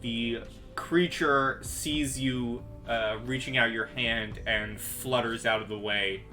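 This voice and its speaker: A man running a tabletop game as game master, narrating monster moves and rolls in a measured, pausing way. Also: mid-range voice, steady tone, bright, forceful tone, soft background music.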